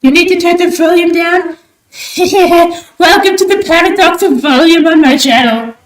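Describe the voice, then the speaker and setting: A young woman from Australia, livestreaming while she draws, talking in a put-on, theatrical bird-persona voice that is loud and enthusiastic. Her throat sounds sore and strained. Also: very high-pitched, normal speed. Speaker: streamer. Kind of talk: livestream chat while drawing. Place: small room at home at night. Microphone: desk mic with high gain. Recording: roomy echo.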